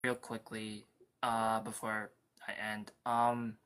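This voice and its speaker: A woman with an unusually deep voice asks questions in a casual interview. She hesitates often and fills gaps with likes and ums. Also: level tone, takes it slowly, fairly bright tone, smooth.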